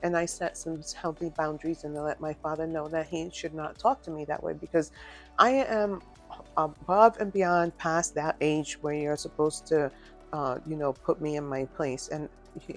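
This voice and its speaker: A woman from the tells her story in an earnest, reflective vlog. Her voice has a gravelly edge and stays fairly even in pitch, and soft music plays faintly behind her. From Dominican Republic. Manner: earnest, reflective, halting with many pauses. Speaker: vlogger. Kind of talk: personal testimony vlog.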